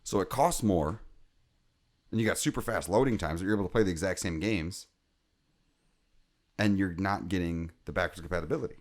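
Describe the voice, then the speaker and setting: A man's voice: low voice, a little fast, pauses often. A man co-hosting a gaming podcast in casual chat, rambling and joking, often breaking off mid-sentence. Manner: rambling, self-interrupting, joking. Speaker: podcast co-host.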